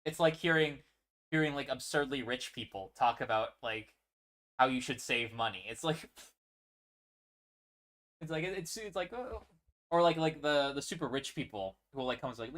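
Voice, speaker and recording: A man hosting a casual commentary on a series, talking in an animated, profane way with frequent laughs. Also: mid-range voice, moderate pace, long pauses. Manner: frequent fillers and restarts. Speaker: show host.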